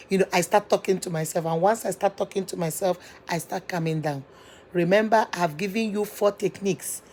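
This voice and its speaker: A woman speaks from her office in a relaxed, mellow voice, giving motivational advice to her followers. She drives each point home by repeating it, in an earnest, almost preachy manner. A faint background noise sits under her voice. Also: mid-range voice. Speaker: channel host giving life advice. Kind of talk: motivational advice talk to viewers.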